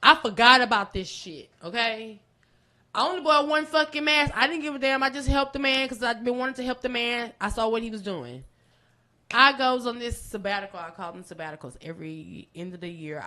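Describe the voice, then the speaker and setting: A woman, guest on a podcast, telling a long story in an excitable, animated way. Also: a little fast. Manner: animated, excitable storytelling with big pitch jumps and profanity. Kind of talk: storytelling in casual chat.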